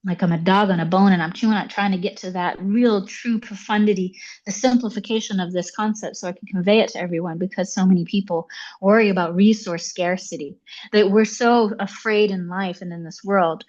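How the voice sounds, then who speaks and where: A woman guest telling a personal story in conversation, animated and full of fillers like "like" and "you know". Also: medium pitch, brisk, dull audio. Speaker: podcast guest.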